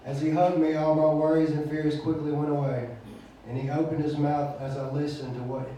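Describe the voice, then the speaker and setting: A man from Mississippi with a Mississippi Southern accent, reciting a spoken word poem in a steady, rhythmic delivery at an open mic night. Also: a little high, moderate pace, recorded from a distance, a little hiss or hum. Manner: excited chatty intro, then steady rhythmic recitation. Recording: very echoey room, voice from off mic.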